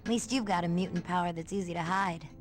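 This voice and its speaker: A woman's voice: lowish voice, quick pace, music in the background, lightly acted. A woman voicing a naive, curious young female mutant recruit in a video game, wide-eyed in tone.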